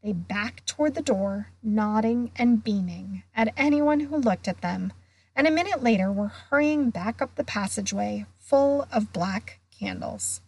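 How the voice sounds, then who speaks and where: A woman guest reader reading a children's novel aloud in an expressive way. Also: fairly high pitch, breathy edge. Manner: slow, expressive.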